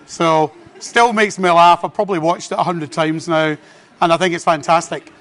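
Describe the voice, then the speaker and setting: English man, forties, conference presenter; chatty, self-deprecating, a touch high-pitched. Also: steady tone, normal speed, a bit bright. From Britain. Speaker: conference speaker. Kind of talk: business presentation. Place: conference hall.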